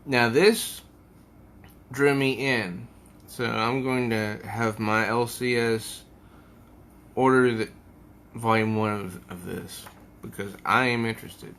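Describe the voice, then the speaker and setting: Slow-talking man reviewing comics. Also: mid-range voice, steady tone, a bit bright, a little hiss or hum. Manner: unhurried, musing, with hesitations. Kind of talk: casual comic review, reading aloud.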